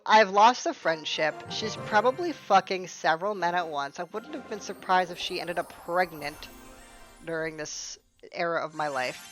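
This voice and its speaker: A woman's voice: on the low side, rough recording. A young woman telling a storytime vlog in a sarcastic, exasperated, profane way. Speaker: storytime streamer.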